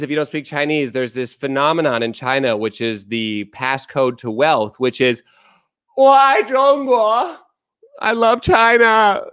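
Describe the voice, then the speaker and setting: A man's voice: mid-range voice, fairly bright tone, clear, resonant tone, no echo, clean studio sound. A man from the United States chatting on a live stream, ranting bluntly with plenty of swearing and replying to chat messages aloud. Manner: blunt, profane, opinionated ranting.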